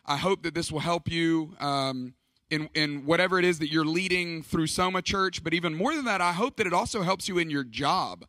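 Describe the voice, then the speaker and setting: A man's voice: a little high, normal speed, sharp tone, no echo. A middle-aged man speaking at a church leadership conference, telling stories in an emphatic, conversational way. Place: church stage.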